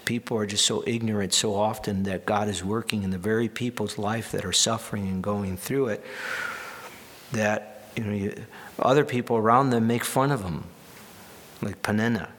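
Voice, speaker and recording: A man's voice: fairly low pitch, fairly bright tone. A man preaching a sermon in a conversational way, with wry asides and restarts. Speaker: pastor.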